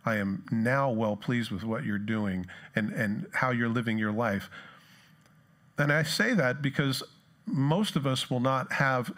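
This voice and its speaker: A man's voice: medium pitch, fairly bright tone. A male pastor giving a conversational sermon to a church congregation, reading scripture and putting questions to his listeners.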